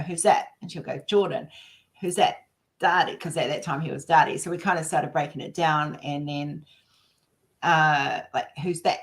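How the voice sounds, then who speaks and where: A woman hosting a relaxed live chat. Her voice sits a little low, and she talks in loose, rambling stretches, slipping into the voices of people she is quoting. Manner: rambling and anecdotal, acts out what others said. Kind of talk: casual chat.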